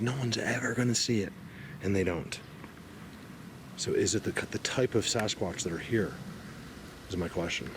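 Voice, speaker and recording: A man walking through a forest and talking to his camera, rambling and excitable with lots of fillers, a bit out of breath. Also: fairly low pitch, normal speed, long pauses. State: slightly out of breath. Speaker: outdoor video blogger. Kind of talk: casual walking commentary. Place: outdoors in a forest. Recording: noisy outdoor field recording.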